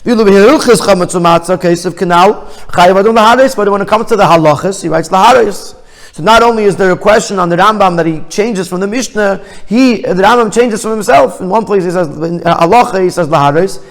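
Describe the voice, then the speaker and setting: Male rabbi, higher-pitched voice, text-study lesson, reads then explains, long reverb. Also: brisk. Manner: reads Hebrew phrases then explains in English, with restarts.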